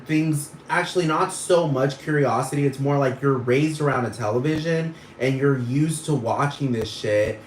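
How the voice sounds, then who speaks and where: Man, mid-pitch, rambling profane rant, exasperated, roomy echo and faint noise. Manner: swears constantly, rambling, scoffing and exasperated. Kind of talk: profane ranting monologue. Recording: echoey room with faint noise.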